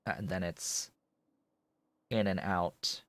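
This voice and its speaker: Slow, low-voiced man muttering over gameplay. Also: fairly even intonation, fairly bright tone. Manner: muttering, thinking aloud while building. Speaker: streamer. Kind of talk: casual gameplay commentary.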